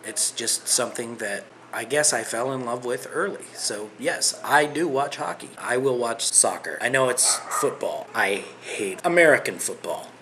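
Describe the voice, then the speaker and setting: A man's voice: medium pitch, lively intonation, moderate pace, hardly any pauses, sharp tone, slight background noise. A middle-aged Canadian man with a Canadian accent, chatting loosely and rambling in a video response to another vlogger.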